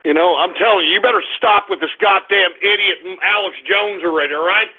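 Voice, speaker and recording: A man's voice: high voice, fairly quick, slightly rough. A man hosting a comic call-in radio show, ranting and cursing in exasperation. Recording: tinny phone-like radio sound.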